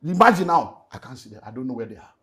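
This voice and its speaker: Nigerian man, middle-aged pastor, emotional testimony, animated, pidgin phrases, mid-pitched voice. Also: racing, crowd noise. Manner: animated storytelling, mixes in Nigerian Pidgin, swings between loud and hushed. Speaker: pastor and relationship speaker. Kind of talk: emotional personal testimony in an interview.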